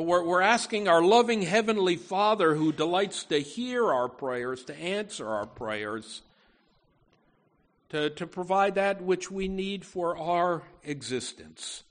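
A man's voice: fairly high pitch, a bit bright. A man preaching a sermon in an earnest way, often repeating words and saying "you know" as he talks. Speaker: pastor.

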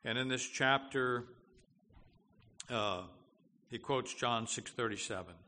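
A man's voice: medium pitch, slow pace, pushed and bright. A man preaching a sermon as pastor, earnest and full of fillers and restarts, building to emphatic declarations. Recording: long hall reverb, faint background noise.

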